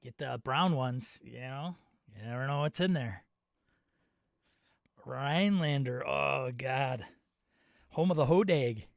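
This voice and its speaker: A middle-aged male host chatting casually on a live stream, drifting between memories and laughing at his own tangents. His voice sits at an ordinary middle pitch. The sound is dry and close, with no room echo. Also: takes it slowly, gravelly, pauses often. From Wisconsin. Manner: rambling and nostalgic, laughing at himself. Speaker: channel host.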